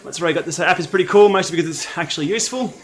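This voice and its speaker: A man's voice: a little high, rapid-fire, slight background noise. Laid-back Australian man on a livestream. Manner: chatty, laid-back, reads and answers viewer comments. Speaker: cycling livestream host. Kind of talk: casual livestream chat while riding. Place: home training room.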